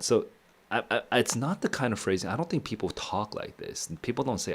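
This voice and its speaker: This is a casual, unscripted read-and-react stream: a man with a notably low voice reads a novel at a moderate pace. He frequently stops to reflect on what he's read, chuckling as he goes.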